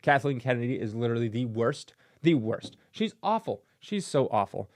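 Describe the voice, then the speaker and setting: A man's voice: medium pitch, very animated, normal speed, a little mellow. A man hosting his own channel, giving a casual, sarcastic opinion rant and mocking things with silly voices. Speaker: comic collector channel host.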